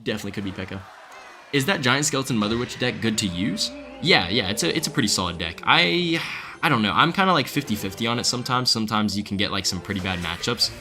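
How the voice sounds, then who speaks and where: A young man giving casual, excitable live commentary on his gameplay while chatting with viewers. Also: lowish voice, quick pace, a little hiss or hum. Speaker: streamer. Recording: faint music behind.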